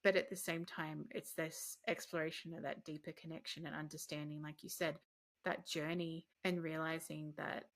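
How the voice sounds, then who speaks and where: A woman's voice: deep voice, little pitch movement, normal speed. A woman hosting a conversational interview, reflective and affirming, telling stories. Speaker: podcast host.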